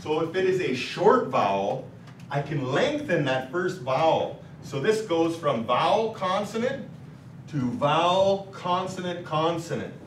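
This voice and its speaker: A man's voice: a little high, sing-song, measured pace, slight background noise. A man teaching a classroom language lesson, patiently quizzing his students as he explains vowels and word patterns. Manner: patient, asks students questions. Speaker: language instructor. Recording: roomy classroom recorded from a distance.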